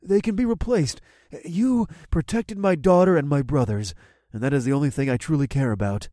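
Casting: man putting on a gentle old man, soft, courtly, raised pitch, dry audiobook read. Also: normal speed, no echo, close to an everyday voice. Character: old kindly father, gentle and fearful. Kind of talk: audiobook character voice.

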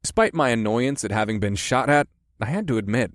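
A man narrating a first-person fantasy audiobook in a steady, measured way. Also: medium pitch, no echo, clean studio sound.

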